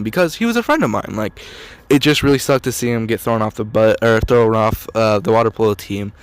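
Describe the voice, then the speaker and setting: A man's voice: on the low side, fairly quick, clean tone. A teenage boy telling a story in a casual, rambling way, full of "like" and "dude". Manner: rambling, heavy use of "like" and "dude". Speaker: storytelling vlogger.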